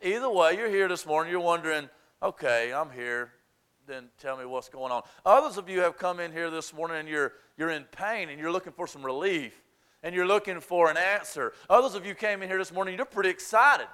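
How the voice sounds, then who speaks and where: A Southern man preaches a sermon, his voice pitched high and his tone bright and forceful. He starts in a hushed, low-key prayer and builds to impassioned, fervent preaching. When he gets worked up he stumbles over repeated words and restarts. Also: fast talker, smooth. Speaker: pastor.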